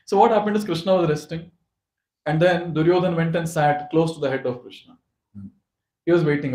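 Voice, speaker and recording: A man giving an animated devotional talk at a youth forum, speaking directly to the audience. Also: on the high side, brisk. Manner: animated storyteller who addresses the audience. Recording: echoey hall.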